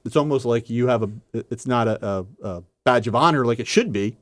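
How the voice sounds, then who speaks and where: A man's voice: mid-range voice, fairly quick. A man speaking as a podcast guest, telling his story in an earnest, emphatic way. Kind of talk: casual interview conversation.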